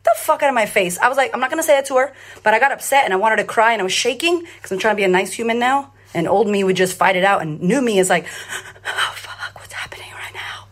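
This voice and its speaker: A woman's voice: a little high, rapid-fire. A woman giving a blunt, profane, emphatic solo monologue as a confidence coach and podcast host, telling stories with lots of energy. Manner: animated storyteller.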